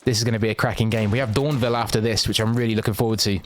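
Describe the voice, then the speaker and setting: A man giving quick, excitable live play-by-play as a game shoutcaster, with casual asides to his viewers. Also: lowish voice, slight background noise. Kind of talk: live esports commentary.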